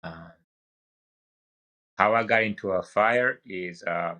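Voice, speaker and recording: Young man, African accent, low bright voice, relaxed halting storyteller. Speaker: guest, wildland firefighter. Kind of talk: casual podcast conversation.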